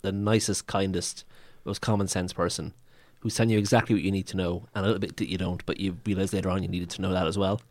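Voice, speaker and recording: A man's voice: deep voice, level tone, fast talker, hardly any pauses, no echo. A man in a casual book chat, giving thoughtful, earnest opinions about a writer.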